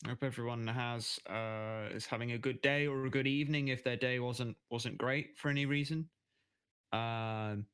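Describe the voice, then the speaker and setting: A man filling time by talking casually to the viewers of his stream. He rambles loosely, with plenty of ums and uhs, in a voice of middling pitch. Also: fairly bright tone, clear, resonant tone, dry recording, studio quality. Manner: rambling with many fillers. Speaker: player and streamer.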